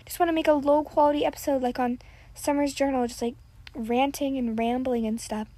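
A woman's voice: sits high, steady tone, fairly quick, warm tone, dry recording. A teenage girl hosting a podcast, rambling casually, full of "like" and self-deprecating asides, on a built-in device mic. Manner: chatty, filler-heavy, self-deprecating. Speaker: podcast host.

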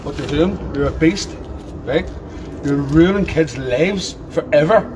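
A man's voice: on the high side, a little slow, background noise. Furious cursing man, street confrontation. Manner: furious, cursing, repeating himself. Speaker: angry relative.

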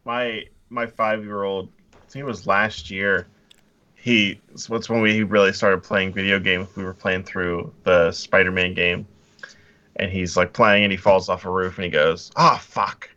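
A man's voice: low-pitched, a little slow, dull audio. A man, a parent, telling a story in a casual chat and acting out the quoted voices. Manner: lively, animated storytelling, acts out quotes.

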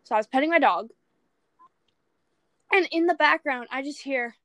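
High-voiced young woman telling animated stories. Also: normal speed, dry recording. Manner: animated storytelling, acts out quotes. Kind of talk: casual chat.

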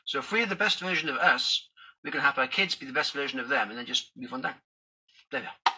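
A man vlogging in a casual, rambling way, working through an idea out loud as he talks to his viewers. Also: mid-range voice, lively intonation, quick pace, slightly rough, rough recording. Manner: rambling, thinking aloud. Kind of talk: casual talk to camera.

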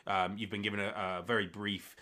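Bright-voiced man running a tabletop game. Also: lowish voice, flat delivery, fairly quick. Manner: rambling, filler-heavy narration. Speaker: game master.

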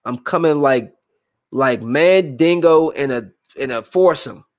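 A young man venting to his viewers in a heated, rambling monologue that swings between low brooding and loud outbursts. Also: animated, measured pace. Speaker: vlogger.

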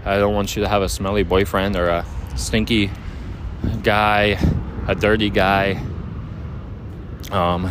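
A man's voice: lowish voice, level tone, moderate pace, noisy background. A young man making an earnest, rambling, hesitant apology to his partner, recorded outdoors. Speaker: boyfriend addressing his partner. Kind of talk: heartfelt apology monologue. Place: outdoors near overhead air traffic.

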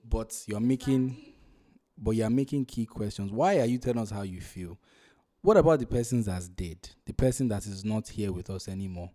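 Male podcast host, low and warm, animated, repeats himself while thinking aloud. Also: moderate pace. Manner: animated, repeats and restarts phrases. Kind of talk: casual podcast discussion.

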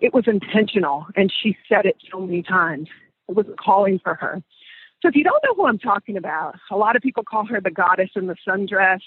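A man with a high, very husky voice tells a story as a podcast host, leaning hard on repeated phrases. The sound is dry and thin, like a phone line. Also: lively intonation, brisk, no echo. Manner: emphatic, repeats phrases for weight. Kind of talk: conversational storytelling.

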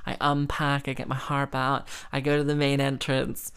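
Smooth-voiced woman telling a chatty story. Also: extremely low pitch, little pitch movement, normal speed, a bit bright. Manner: chatty and rambling, heavy use of "like", laughing between phrases. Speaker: harpist. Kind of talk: casual anecdote storytelling.

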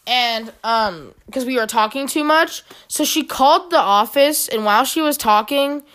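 A woman's voice: high-pitched, moderate pace, fairly bright tone. A teenage girl telling school stories in casual chat, rambling and giggling. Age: teens. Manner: rambling, giggly, restarts a lot.

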